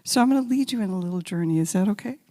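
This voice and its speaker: A woman giving a spiritual talk as guest speaker, telling stories gently and sometimes dropping to a soft whisper, then leading a guided meditation. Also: mid-range voice, lively intonation, rapid-fire. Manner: gentle, intimate storytelling, drops to soft whispers. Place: large sanctuary. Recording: long hall reverb.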